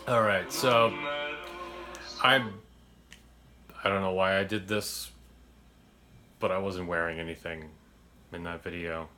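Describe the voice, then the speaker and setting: A man in his thirties casually commenting on his old videos, rambling and self-conscious with halting restarts. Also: sits low, steady tone, bright, forceful tone, soft background music.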